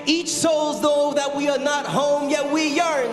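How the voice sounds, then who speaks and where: A man's voice: extremely high pitch, fairly even intonation, measured pace, echoey room. Man performing rhythmic spoken word poetry. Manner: rhythmic, repeating lines, rising to shouts. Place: outdoor festival stage. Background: loud instrumental music.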